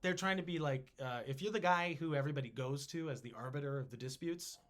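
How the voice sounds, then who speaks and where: A man hosting a casual history podcast, telling the story in an animated, jokey way. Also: mid-range voice, fast talker. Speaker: podcast host.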